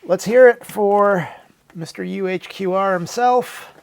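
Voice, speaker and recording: Man, comedic vlog narrator, sarcastic, mock-dramatic, high gravelly voice. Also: takes it slowly.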